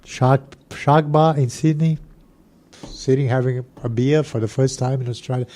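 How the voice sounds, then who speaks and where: A man from Brazil with a Brazilian Portuguese accent, a podcast guest telling animated stories, laughing often and swearing freely. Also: medium pitch, normal speed. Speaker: podcast guest, jiu-jitsu coach. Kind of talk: casual storytelling chat.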